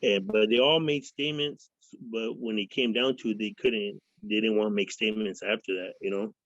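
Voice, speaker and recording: A man's voice: lowish voice, steady tone, a little fast, a bit bright, dry recording. A man from Fresno tells rambling, profane stories as an interview guest, jumping into other people's voices as he goes. The sound is dry and dull, like a lo-fi recording. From Fresno, California. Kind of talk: casual storytelling interview.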